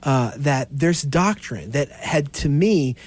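A man co-hosting a podcast, talking through theology in an earnest, animated way and telling stories from his own life. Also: on the high side, slow, slightly rough. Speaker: podcast co-host. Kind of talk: casual theological discussion.

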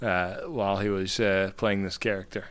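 A man's voice: deep voice, steady tone, moderate pace, a bit bright. A man co-hosting a podcast in casual chat, rambling and profane, laughing often. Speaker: podcast co-host.

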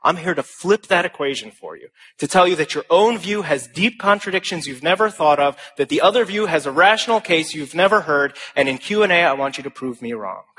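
A young man giving a speech to a live audience, telling stories in an animated, self-deprecating way. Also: on the high side, a little fast, hardly any pauses, background noise. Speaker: conference speaker.

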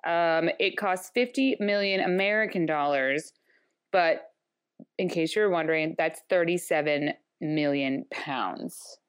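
A woman's voice: low voice, a little slow, smooth. A woman co-hosting a podcast, telling rambling stories in a dry, wry casual chat. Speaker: podcast co-host.

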